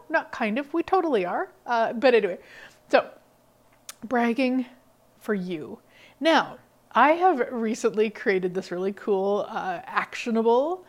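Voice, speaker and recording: A woman hosting a podcast, giving an energetic, emphatic motivational talk. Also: on the high side. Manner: energetic, emphatic, laughs often. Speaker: podcast host.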